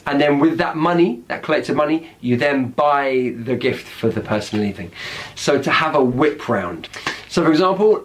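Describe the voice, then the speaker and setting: A British man with a British accent explains slang words one by one, upbeat and explanatory. His voice sits a little on the high side. He keeps checking in with his listeners, asking "right?" after his points. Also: animated, normal speed, a little hiss or hum. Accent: British English. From Britain. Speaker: English slang teacher.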